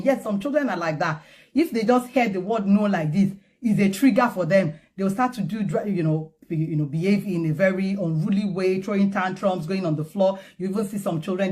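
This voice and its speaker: A woman's voice: mid-range voice, darkish tone. A woman in her forties, a child psychologist, giving casual parenting advice in a chatty way, laughing often and repeating points for emphasis.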